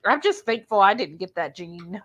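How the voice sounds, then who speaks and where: A woman, co-hosting a live cooking stream and reading viewer comments aloud in a casual, unhurried way. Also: medium pitch, animated, fairly bright tone, highs cut off. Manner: slow, unhurried, lots of ums.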